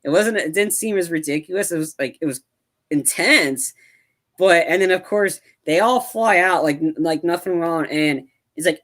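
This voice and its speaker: A man's voice: on the high side, normal speed. A man co-hosting a podcast, chatting casually about a film, rambling with many restarts and acting out lines from scenes. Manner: rambling, acts out film lines in animated bursts. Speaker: podcast co-host. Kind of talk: casual movie review chat.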